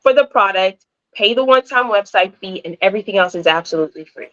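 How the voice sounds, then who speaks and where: A woman's voice: mid-range voice, lively intonation, fast talker, fairly bright tone, no room sound, dull audio. A woman from Jamaica who talks with an American-sounding accent, chatting as a guest over a video call and laughing often. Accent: American-sounding English. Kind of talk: casual interview chat.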